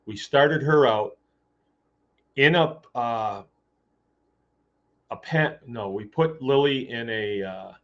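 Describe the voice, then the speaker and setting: A man's voice: mid-range voice, takes it slowly, long pauses. A man hosting a podcast, telling a story in a loose, rambling way with fillers and restarts. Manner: rambling, with many fillers and restarts, acting out quoted dialogue. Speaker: podcast host. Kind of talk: casual storytelling monologue. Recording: dull lo-fi sound.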